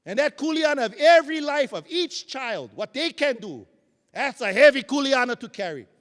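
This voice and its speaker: Fiery high-voiced man in a hall. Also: big pitch swings, moderate pace, a bit bright. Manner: fiery, rising and dropping for emphasis. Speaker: keynote speaker. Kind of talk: impassioned keynote speech. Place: large hall. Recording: long hall reverb.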